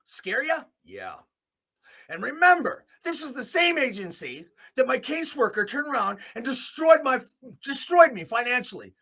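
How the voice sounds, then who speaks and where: A man from Alberta, Canada, hosting a podcast and delivering an angry, profane rant, swinging between low muttering and shouting. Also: sing-song, moderate pace. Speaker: host. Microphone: podcast mic in a small room.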